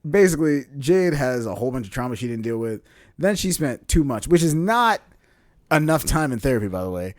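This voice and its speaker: A young man co-hosting a podcast, telling a story in a casual, animated way and laughing often as he acts out what people said. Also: mid-range voice, a little fast, no echo, studio quality. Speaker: podcast co-host.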